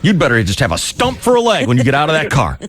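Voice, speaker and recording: A man's voice: medium pitch, huge pitch swings, fast, fairly bright tone, slight background noise. A man hosting a call-in radio show, teasing and mock-scolding his callers in casual banter.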